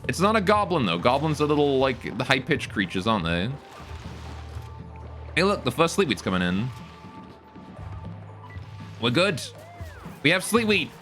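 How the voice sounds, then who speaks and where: A man's voice: mid-range voice, very animated, moderate pace, long pauses, a bit bright, soft background music. A man streaming a game live, joking with his chat while he plays. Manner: joking, chats with viewers while playing.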